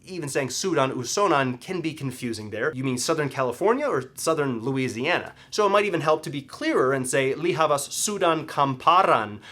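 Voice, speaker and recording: A young man explains words in a relaxed lesson, leaning hard on the syllables he wants heard. His pitch jumps around a lot as he teaches, and he speaks at a middling pitch for a man. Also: fairly quick, few pauses. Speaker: language teacher.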